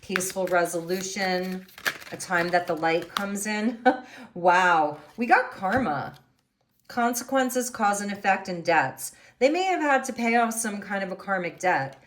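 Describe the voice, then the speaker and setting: A woman's voice: medium pitch, lively intonation, unhurried. A woman doing a tarot reading, musing and thinking aloud as she turns over the cards. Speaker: tarot reader.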